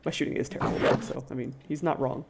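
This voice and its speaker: A woman's voice: extremely low pitch, quick pace, gravelly, heavy background noise. A woman streaming a video game, chatting casually and self-deprecatingly with fillers. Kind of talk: casual let's-play commentary. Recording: game music playing underneath.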